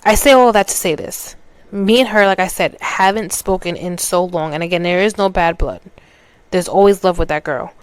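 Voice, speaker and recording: A woman talks through a personal story on her podcast, casual and loose, often restarting mid-sentence. Her voice sits fairly low and sounds smooth and clear. The recording is dry and close, with no room sound. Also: moderate pace, no room sound. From New York. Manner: conversational, restarts mid-sentence, acts out quoted dialogue. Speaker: podcast host.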